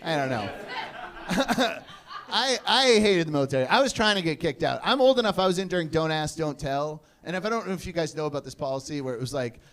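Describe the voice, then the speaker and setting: A comedian with a notably high voice works a live crowd with filthy, self-mocking stories. He talks fast and loose, then snaps into barked impressions. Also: lively intonation. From Maine, USA. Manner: crude, self-deprecating storytelling with shouted impressions. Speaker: stand-up comedian. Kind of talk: stand-up comedy set. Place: comedy stage before a laughing audience.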